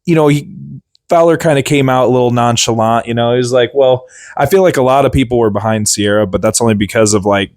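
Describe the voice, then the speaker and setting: A man's voice: medium pitch, fast talker, darkish tone, no room sound, clean studio sound. A man co-hosting a wrestling podcast, chatting casually and enthusiastically, repeating lines for emphasis. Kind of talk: casual chat.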